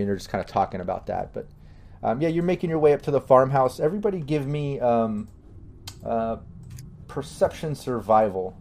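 A man narrating as game master of a tabletop game in a loose, halting way with many fillers. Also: medium pitch, animated, gravelly, darkish tone, a little hiss or hum.

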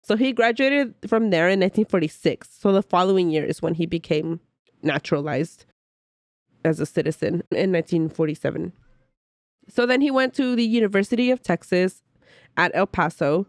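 A woman with a lowish voice co-hosts a casual history podcast and sounds a little sick. She reads from her notes in a chatty way at a normal pace, breaking off to laugh, recorded on a dry close mic with no room sound or echo.

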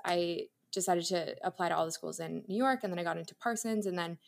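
A woman's voice: on the low side, fast talker, gravelly. Chatty young woman telling her story. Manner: chatty and candid, laughs often, lots of fillers. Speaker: interior designer and content creator, podcast guest. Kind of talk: casual interview storytelling.

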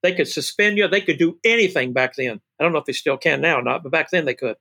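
An older man, a guest telling wrestling stories in an excitable, animated way. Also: on the high side, fast. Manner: excitable, shouts "woo", calls people baby and brother. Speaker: guest, former wrestling manager. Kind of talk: animated storytelling interview.

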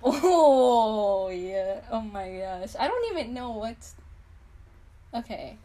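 A teenage girl hosting her own podcast, chatting casually with lots of fillers and quick laughs. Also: fairly high pitch, sing-song, warm tone, a little hiss or hum. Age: teens. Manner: giggly, filler-heavy chatter. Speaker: podcast host. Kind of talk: casual chat.

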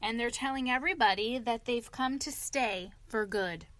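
A woman's voice: on the high side, normal speed, a bit bright, no room sound, close to an everyday voice. A woman voicing a sensible male water rat who lectures his friend earnestly in a storybook reading. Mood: storytelling.

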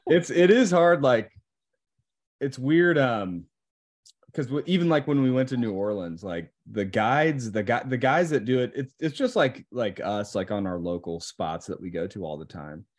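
Young man, lowish voice; easygoing guest who rambles casually. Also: normal speed. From Indiana. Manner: relaxed, rambling, many fillers like "like" and "you know". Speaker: podcast guest. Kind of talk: casual chat.

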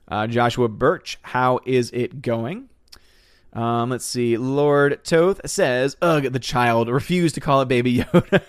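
A man's voice: mid-range voice, lively intonation, moderate pace, smooth, no room sound, studio quality. Chatty man reading out stream chat. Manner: chatty, rambling, laughs often, thanks viewers warmly. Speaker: livestream host reading chat. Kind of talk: casual livestream chat.

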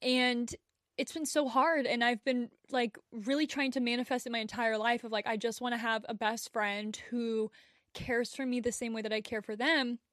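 A woman's voice: on the high side, steady tone, normal speed, fairly bright tone, no echo, studio quality. A young woman co-hosting a podcast, talking in an earnest, heartfelt and emotional way. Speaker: podcast co-host. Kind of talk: casual chat.

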